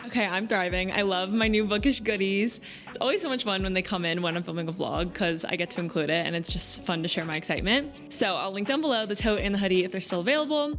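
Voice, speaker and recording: A young woman book vlogger chatting excitedly and casually, with many filler words. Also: medium pitch. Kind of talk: casual vlog chat.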